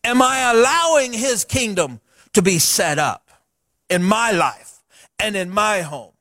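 A middle-aged man, a pastor preaching a sermon to his church in a folksy, animated way with chatty asides. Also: high-pitched, slow, no room sound, studio quality. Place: church sanctuary.

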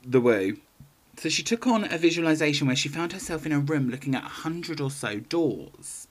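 A man co-hosting a podcast, telling a story in casual chat with wry, deadpan asides and frequent ums. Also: fairly high pitch, a little fast. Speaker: podcast co-host.

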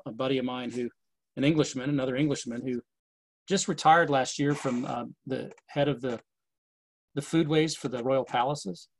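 Man, casual chat, rambling, lots of fillers and restarts, dry close sound, mid pitch. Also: no room sound, rough recording. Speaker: historic distillery manager. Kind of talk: casual conversation.

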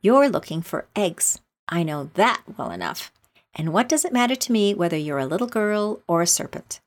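A woman voicing a suspicious mother pigeon who scolds in a shrill, contemptuous voice, in a storybook reading. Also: sing-song, moderate pace. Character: shrieking, suspicious mother pigeon guarding her eggs.

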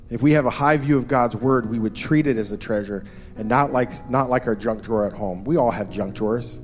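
Earnest male pastor preaching over soft guitar. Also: medium pitch. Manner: earnest, repeats key phrases for emphasis. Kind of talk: sermon.

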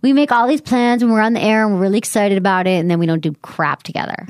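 Woman podcast host, candid and conversational, dry booth sound, mid pitch. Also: fairly even intonation, quick pace, no echo. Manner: frank, chatty, reads listener emails aloud. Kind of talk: casual chat.

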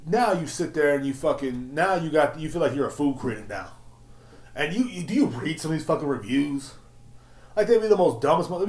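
Male podcast host, solo rant: slangy, swears freely, slightly high voice, roomy echo. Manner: animated, swearing, slangy ranting.

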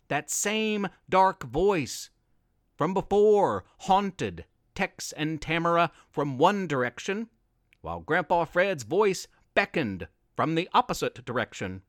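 Male narrator, expressive storybook reading, high lively pitch, dry close mic. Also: slow, no room sound.

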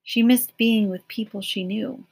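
A woman narrating an audiobook chapter in a measured, expressive storytelling manner. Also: on the high side, creaky, slightly rough. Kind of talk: audiobook reading of a novel.

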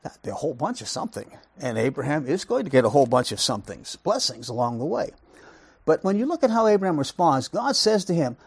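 Husky, lively-voiced man teaching Scripture. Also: fairly high pitch, quick pace, no room sound, clean studio sound. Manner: emphatic, rhetorical questions, repeats words for stress. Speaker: Bible teacher. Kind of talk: Bible study lesson.

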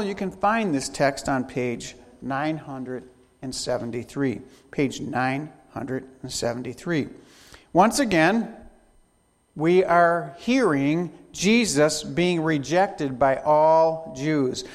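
A man preaching a sermon in a church, speaking in an unhurried, emphatic way with long pauses. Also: high-pitched. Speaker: pastor. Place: church sanctuary. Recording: long hall reverb.

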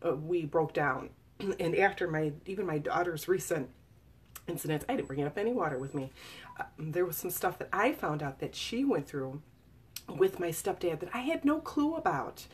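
A woman in her forties with a lowish, slightly rough voice, reading from and talking about her memoir. Her intonation is lively and her pace moderate as she shares a personal story in an earnest, confiding way. It's casual live talk, full of fillers and restarts.

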